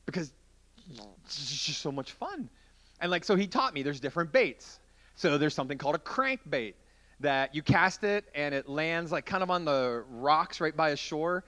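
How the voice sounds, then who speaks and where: Lively, bright-voiced man telling a story. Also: fairly high pitch, normal speed. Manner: animated, chatty storyteller acting out scenes. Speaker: youth pastor. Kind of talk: youth sermon storytelling.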